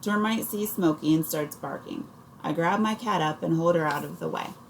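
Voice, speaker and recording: A woman reading a first-person audiobook in a steady storytelling manner. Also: low-pitched, normal speed, gravelly, slight background noise, low-quality recording. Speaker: audiobook reader.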